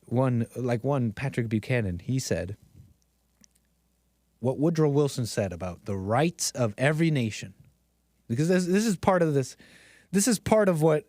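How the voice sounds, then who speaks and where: A man's voice: mid-range voice, a little mellow, no echo, clean studio sound. A man live-streaming a casual, rambling monologue, often laughing at himself and restarting his sentences. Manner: rambling, self-deprecating, frequent laughs and restarts.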